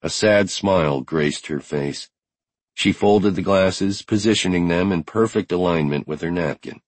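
A man reads a first-person novel in a measured, unhurried way. His voice is very deep and a little husky. It is recorded close and dry. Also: dry recording. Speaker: audiobook narrator. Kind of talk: first-person audiobook narration.

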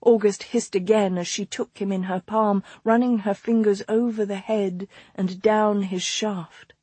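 A woman narrating a romance audiobook in a soft, slow, intimate read. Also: mid-range voice, steady tone, slightly rough, no echo.

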